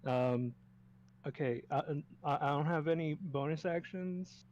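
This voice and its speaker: A man's voice: fairly high pitch, a little slow, a little mellow, slight background noise. Hesitant man on a dull lo-fi mic. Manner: hesitant, many fillers, apologetic. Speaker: player. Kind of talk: casual game chat.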